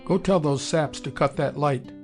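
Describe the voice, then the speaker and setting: A man voicing a hotheaded young fighter pilot who shouts urgent orders and demands. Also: on the high side, normal speed, soft background music, natural voice. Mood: shouting.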